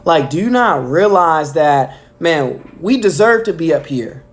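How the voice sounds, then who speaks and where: A man's voice: a little high, lively intonation, unhurried. A man doing a humble, earnest thief. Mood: incredulous. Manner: earnest, casual slang.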